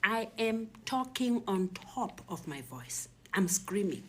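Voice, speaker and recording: A middle-aged South African woman recounting a personal ordeal as an interview guest, speaking softly and often near a whisper. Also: medium pitch, lively intonation, slow, husky. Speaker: guest telling her story. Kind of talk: emotional personal testimony.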